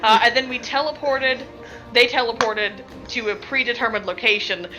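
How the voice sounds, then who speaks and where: A woman's voice: a little high, steady tone, normal speed, sharp tone, faint music behind, rough recording. A woman who plays in a tabletop game, recapping a session casually, rambling and laughing, with lots of filler words.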